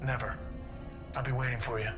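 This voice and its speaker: A man plays a loyal male shuttle pilot from a video game, calm and reassuring, with a middle-pitched voice. Clear game music plays under his lines. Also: fairly quick, lightly acted. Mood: tender.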